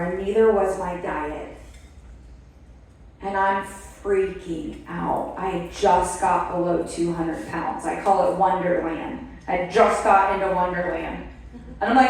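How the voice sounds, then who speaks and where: Slow, echoey woman telling a story. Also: medium pitch. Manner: animated storytelling, acts out her own past reactions. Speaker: speaker at a wellness product event. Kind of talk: motivational testimonial talk to an audience. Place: event hall. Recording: echoey room, voice from far off the mic.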